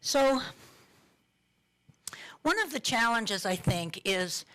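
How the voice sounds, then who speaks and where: A woman's voice: fairly high pitch, expressive, slow, fairly bright tone, clean tone. Woman minister giving a casual sermon. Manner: conversational, asks the listeners questions, laughs lightly. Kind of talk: informal sermon talk.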